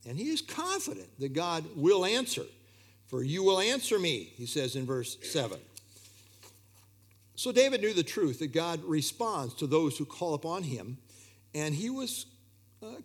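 A man's voice: on the high side, husky. A man preaching an expository sermon, earnest and emphatic, often repeating key phrases.

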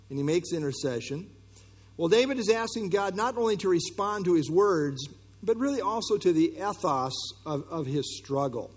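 Husky preacher in a reverberant hall. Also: male voice, a little high. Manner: earnest, conversational teaching with frequent fillers and restarts. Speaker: pastor. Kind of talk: sermon.

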